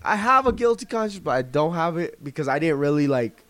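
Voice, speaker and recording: A young man with a slightly higher voice tells a story in a casual podcast chat, swearing often and acting out the lines of the people in it. The recording is close and dry, with very little room sound. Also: brisk, no echo. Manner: animated storytelling, heavy swearing, acts out quotes. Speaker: podcast co-host.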